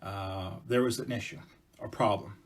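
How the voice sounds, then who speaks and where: A man's voice: lowish voice, fairly even intonation, normal speed. A man telling traditional stories to students in a chatty, casual way with asides and fillers. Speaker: storyteller presenting to schools. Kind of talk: casual oral storytelling.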